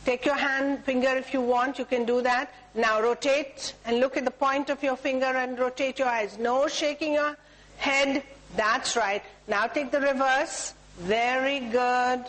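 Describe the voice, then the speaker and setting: A woman's voice: high voice, steady tone, measured pace, a bit bright, low-quality recording. A woman with an Indian English accent leading a group through a tapping exercise, giving instructions and chanting repeated cue words. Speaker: workshop leader. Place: talk room with a group.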